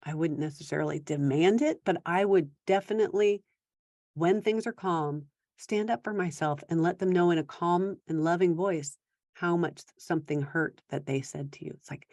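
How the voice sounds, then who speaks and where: A woman giving parenting advice in a conversational talk, now and then acting out quick quoted exchanges between parent and teen. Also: on the low side, darkish tone, no echo. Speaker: parenting coach.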